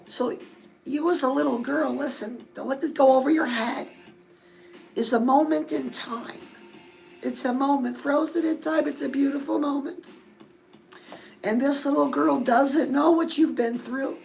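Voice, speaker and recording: A woman hosts a love and dating advice talk in a high, gravelly voice. She chats in a confiding way, as if to a close friend, while faint music plays underneath. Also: fairly even intonation, unhurried, darkish tone, low-quality recording. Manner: chatty, confiding, addresses listeners as girl. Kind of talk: casual advice talk to viewers.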